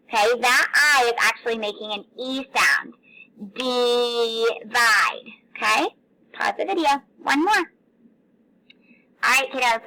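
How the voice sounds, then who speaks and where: A woman teacher leading a recorded phonics lesson for young children, patient and encouraging, sounding out words slowly. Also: on the high side, bright, forceful tone, rough recording.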